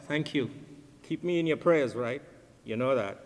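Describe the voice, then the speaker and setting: Speaking at a memorial service in a funeral home hall, this older Trinidadian-accented man tells cheerful anecdotes, joking and laughing along with those gathered. He has a mid-range voice and a measured pace. Long hall reverb and a little background noise color the recording.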